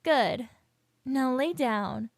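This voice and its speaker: A man voicing a calm, menacing young woman who teases in a cool, controlled way. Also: very high-pitched, extremely slow, vocal fry, dry recording, studio quality, voice pushed up, heavily acted. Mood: teasing menace.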